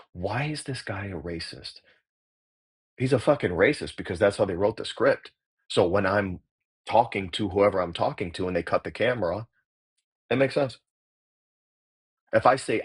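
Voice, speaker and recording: Middle-aged male actor-coach, deep husky voice, blunt and salty, explaining his craft. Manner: blunt, profane, emphatic. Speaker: actor and acting coach, guest. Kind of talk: casual interview talk.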